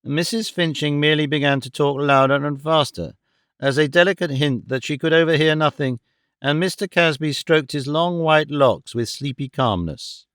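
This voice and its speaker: A man narrating a classic novel as an audiobook in an even, steady storytelling manner. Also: on the high side, normal speed, clear, resonant tone, no echo, studio quality.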